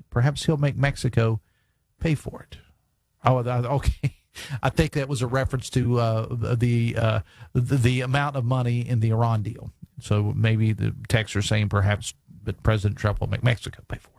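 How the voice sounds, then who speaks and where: A man's voice: medium pitch, darkish tone, no echo, clean studio sound. A man hosting a radio talk show, chatting casually with folksy jokes and lots of fillers, reading listener texts. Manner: chatty, folksy, joking asides with many fillers. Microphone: studio microphone.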